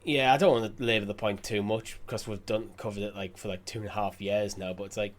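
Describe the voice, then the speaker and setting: A man's voice: lowish voice, steady tone, fast talker. Rambling man co-hosting a podcast. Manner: rambling, repeats words when thinking. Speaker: podcast co-host. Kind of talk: casual podcast chat. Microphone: remote call mic.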